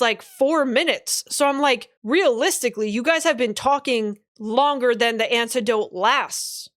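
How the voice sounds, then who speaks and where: A young woman streams her reaction to a show, chatting loosely with her viewers and reading their comments aloud. She gets animated and excitable, swears offhand and bursts into big reactions. Her voice sits a touch high. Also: smooth. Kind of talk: live-stream reaction chat.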